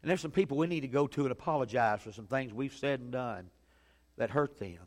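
A man preaching a sermon as a pastor, telling a story that swings from loud urgency to hushed quiet. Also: mid-range voice, fairly quick. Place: church sanctuary. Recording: long hall reverb.

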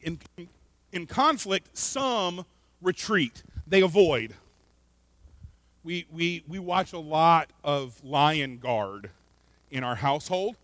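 A man preaching a sermon in an earnest way, often repeating words and swinging between loud emphasis and quiet asides. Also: fairly high pitch, expressive, slow, dry recording. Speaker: pastor.

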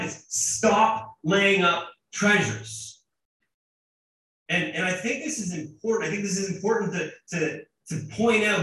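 A man in his thirties, a pastor preaching a sermon in an animated, emphatic way, often restarting his phrases. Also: high-pitched, a little hiss or hum. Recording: echoey room from a distance.

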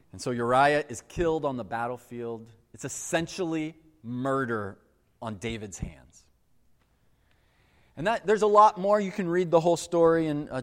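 A man delivers a sermon as a relaxed, conversational storyteller with a pitch that swings widely. His voice sits a little high, and it carries a long echo from the hall he speaks in. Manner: casual, conversational storytelling with lively quoted voices. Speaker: pastor. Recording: echoey hall with long reverb.

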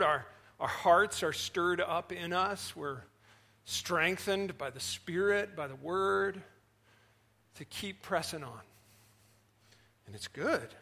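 A man, the senior pastor, preaching a sermon with animated storytelling that swings between loud and soft. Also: high-pitched.

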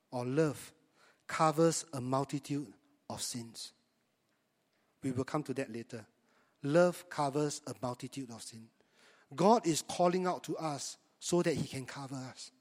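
Speaking in a large hall, this pastor has a slightly high voice. He delivers his sermon conversationally and keeps asking the congregation rhetorical questions.

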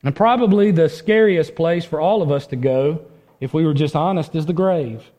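A man preaching a sermon in earnest, swinging from loud emphasis to a hushed voice and often repeating words as he restarts. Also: on the high side, moderate pace. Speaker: pastor.

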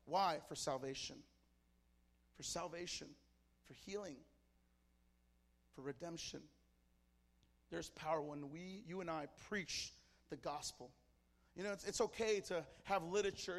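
High bright-voiced passionate preacher man. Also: big-room sound. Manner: passionate, builds to shouting. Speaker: pastor. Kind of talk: sermon.

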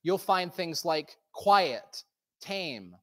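Man, earnest sermon, measured and unhurried. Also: fairly high pitch, lively intonation. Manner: earnest, measured, with soft slowed prayer. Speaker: pastor. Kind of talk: sermon with prayer and storytelling.

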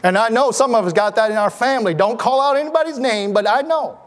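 A man preaching a sermon in church, with animated, rising exclamations. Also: extremely high pitch, quick pace. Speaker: pastor. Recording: long hall reverb.

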